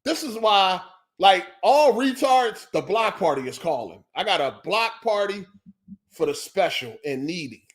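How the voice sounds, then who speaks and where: A man's voice: high voice, sing-song, a little slow. A man hosting a podcast, ranting in a heated, profane and repetitive way. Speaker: podcast host. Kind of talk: ranting solo podcast monologue.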